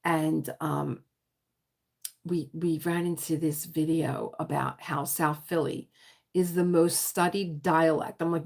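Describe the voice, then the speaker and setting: A woman with a South Philadelphia accent hosting a casual livestream chat, rambling with quick asides and laughter. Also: deep voice, fairly even intonation, vocal fry, darkish tone. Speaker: livestream host.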